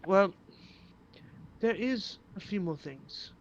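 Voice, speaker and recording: Man, dungeon master, joking, profane, slightly high voice, muffled recording. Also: animated. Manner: joking, profane, quick asides. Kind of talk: narrating a tabletop game. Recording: dull lo-fi audio with faint hum.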